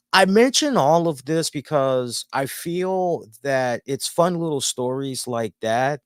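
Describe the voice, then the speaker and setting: A man's voice: fairly low pitch, no room sound, clean studio sound. A man hosting a casual review show, telling a rambling story with plenty of swearing. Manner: animated, rambling, swears freely. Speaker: host and columnist.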